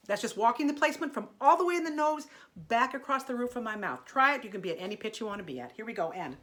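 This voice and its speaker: A woman's voice: a little high, lively intonation, quick pace, few pauses, fairly bright tone, faint music behind. A middle-aged woman teaching an online singing lesson, chatty and encouraging, breaking off into sung vocal exercises.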